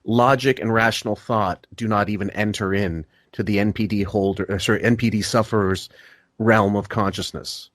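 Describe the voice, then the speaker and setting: A man's voice: on the low side, steady tone, moderate pace, fairly bright tone, no room sound, clean studio sound. A man hosting a podcast, talking casually with lots of stammering and restarts. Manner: stammering, many fillers and restarts. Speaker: podcast host.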